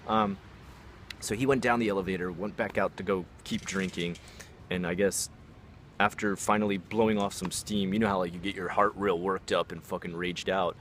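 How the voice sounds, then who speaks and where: A man's voice: sits low, fairly even intonation, normal speed, a bit bright, slight background noise. A young man casually telling a story. He swears a lot and fills his talk with "like" and "you know.". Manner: casual, profane, many fillers like "like".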